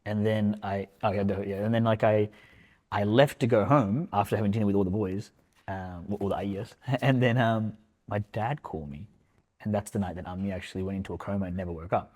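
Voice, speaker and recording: A lowish male voice talking openly as a podcast guest. He is reflective and halting, pausing and filling gaps with casual words as he works through his thoughts in a relaxed back-and-forth. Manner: reflective, halting, heavy use of fillers like "man" and "like". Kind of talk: casual emotional conversation.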